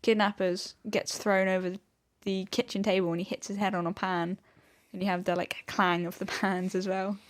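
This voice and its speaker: Woman on a podcast, wry, mid-pitched voice. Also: little pitch movement, normal speed, hardly any pauses. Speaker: podcast co-host. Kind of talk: casual chat.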